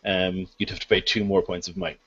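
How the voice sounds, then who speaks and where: A man running a tabletop game as game master, explaining rules in a relaxed, laughing way. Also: low-pitched, a little fast, breathy edge. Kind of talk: narrating a tabletop game over an online call. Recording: dull lo-fi call audio.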